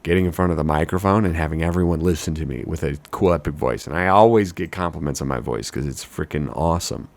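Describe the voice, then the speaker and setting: A young man, a wedding DJ, talking in a casual, jokey, mock-boastful way about his deep announcer voice. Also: fast, vocal fry, hardly any pauses. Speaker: wedding DJ and hobby voice actor. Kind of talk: casual self-mocking vlog talk.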